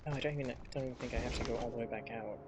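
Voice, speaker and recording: A man's voice: mid-range voice, steady tone, very fast, background noise. Man streamer thinking aloud over gameplay. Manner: rambling, thinking aloud while playing. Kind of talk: casual live gameplay commentary.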